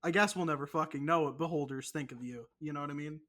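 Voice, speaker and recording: A man's voice: a little high, quick pace, fairly bright tone. A young man co-hosting a casual podcast, rambling and swearing, often mocking himself. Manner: profane, rambling, self-mocking. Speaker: podcast co-host. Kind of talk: casual chat.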